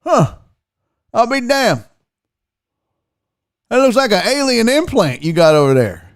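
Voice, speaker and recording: A man's voice: very high voice, sing-song, measured pace, heavily acted. A man voicing a baffled, folksy backwoods southern father with a drawl.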